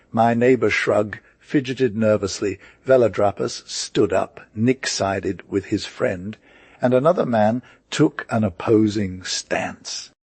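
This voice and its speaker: A man narrating a first-person audiobook in a steady, measured way. His voice sits low and has a husky grain. The sound is close and dry, with no room around it. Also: no echo.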